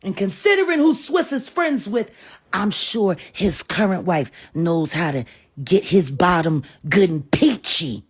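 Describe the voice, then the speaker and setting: A middle-aged woman giving a heated, profane live stream rant that swings between sharp insults and weary muttering. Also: lowish voice, animated, a little slow, breathy edge.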